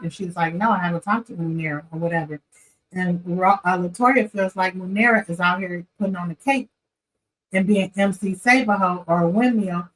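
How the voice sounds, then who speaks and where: A woman, chatting casually as she recaps a reality show, animated and opinionated, talking straight to her viewers. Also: mid-range voice, rough recording. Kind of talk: casual chat.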